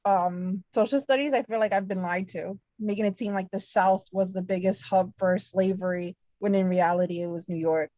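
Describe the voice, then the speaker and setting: Woman, student, casual, dull lo-fi tablet sound, low mellow voice. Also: fairly even intonation, moderate pace, few pauses. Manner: casual, uses like as a filler. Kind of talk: answering in class. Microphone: tablet on a video call.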